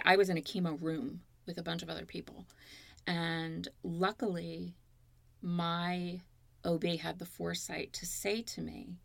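A woman in her fifties speaks as an interview guest, her low voice carrying a gravelly edge. She tells her story earnestly and openly, close to a dry-sounding mic. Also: no room sound. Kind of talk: candid interview conversation.

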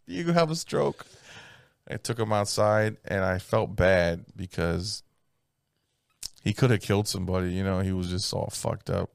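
A man's voice: low voice, little pitch movement, moderate pace, vocal fry, no room sound, studio quality. A young man, co-hosting a podcast and telling rambling, crude anecdotes with acted-out voices. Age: young adult. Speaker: podcast co-host, comedian. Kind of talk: casual chat, storytelling.

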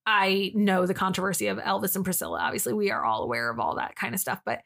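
A woman's voice: medium pitch, fast, vocal fry, a bit bright. A young woman co-hosting a casual podcast, chatty and emotional, swearing freely as she tells a personal story. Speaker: podcast co-host. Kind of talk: casual chat.

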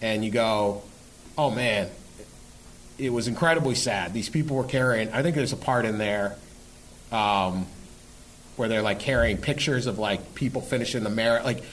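A man's voice: on the low side, moderate pace, pauses often, fairly bright tone, slight background noise, poor audio. A man who is a guest sports columnist on a podcast, talking before a live audience in a rambling way with restarts and emphatic swearing.

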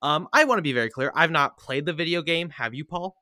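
A man hosting a podcast, chatting casually with a quick, wry delivery. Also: on the high side, pushed and bright, dry recording, studio quality. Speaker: podcast host. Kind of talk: casual chat.

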